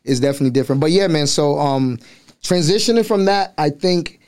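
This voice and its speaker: Give me a quick, animated man from Liberia with an American accent, chatting casually in a raised voice. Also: a little high. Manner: animated, slangy, mimics voices. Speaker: podcast guest. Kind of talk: casual storytelling chat.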